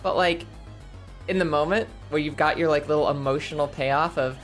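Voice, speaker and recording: A woman streaming and chatting casually, her voice a bit hoarse and scratchy, laughing often and rambling. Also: sits low, moderate pace, soft background music. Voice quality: scratchy throat.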